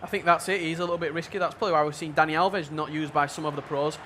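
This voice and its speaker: A man giving play-by-play commentary on a football video game match, measured and level-headed in his analysis. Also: a little high, steady tone, bright, forceful tone, slight background noise. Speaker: esports commentator.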